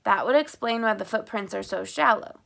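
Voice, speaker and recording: A woman reading an audiobook, voicing a steady middle-aged male sheriff who questions in a measured, even way. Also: medium pitch, vocal fry. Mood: calm probing.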